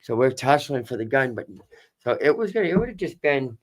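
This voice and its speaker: Appearing as a podcast guest, a man with a Boston accent tells his story casually, candid and rambling, swearing and repeating himself. His medium-pitched voice swings widely in pitch and moves briskly.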